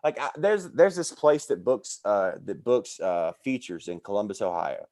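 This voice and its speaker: A man's voice: on the low side, normal speed. A man, a comedian guest, telling stories about his career in a casual podcast chat, acting out the people he quotes. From American South. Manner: animated storyteller who acts out quoted voices.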